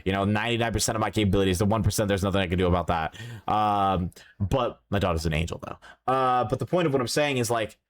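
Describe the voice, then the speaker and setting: A young man chatting casually as a reaction streamer, rambling with lots of filler words and breaking into animated voices. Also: fairly low pitch, fast. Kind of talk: casual chat.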